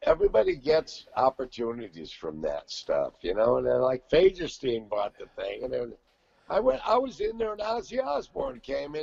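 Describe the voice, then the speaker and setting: A man in his sixties, a guest singer, telling profane, animated stories in casual chat. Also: medium pitch, moderate pace, gravelly, husky, dry recording, lo-fi sound.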